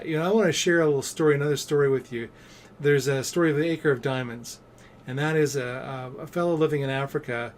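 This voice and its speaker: A man's voice: fairly high pitch, slight background noise. A middle-aged man vlogging as a business coach, telling stories in a loose, chatty way with lots of fillers and restarts. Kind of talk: casual motivational talk to camera.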